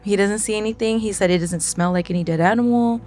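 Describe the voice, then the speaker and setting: A young woman, a podcast guest, telling a personal scary story in a casual, animated way, often laughing and acting out what people said. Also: medium pitch, fast, faint music behind.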